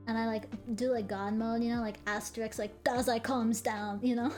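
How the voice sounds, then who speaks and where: Faint music runs under this young woman's stream as she recounts a story in easygoing chat. Her voice is a little high; she's lively, curses freely, and slips in quick laughing asides.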